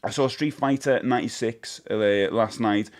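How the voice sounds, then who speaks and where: A man's voice: fairly low pitch, normal speed, a little hiss or hum. A man chatting casually to his live-stream viewers. He rambles and corrects himself as he goes, and he laughs often. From United Kingdom.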